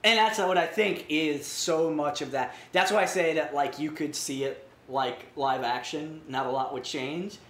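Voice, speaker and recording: A man co-hosting a casual podcast, retelling a show scene in animated, rambling bursts full of restarts and fillers. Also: on the high side, unhurried, hardly any pauses. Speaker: podcast co-host. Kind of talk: casual chat. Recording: roomy echo.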